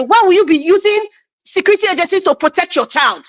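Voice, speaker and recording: A woman's voice: very high voice, lively intonation, fast talker. A woman from Nigeria giving passionate political commentary on a live stream, emphatic and repeating lines for stress. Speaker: panel guest.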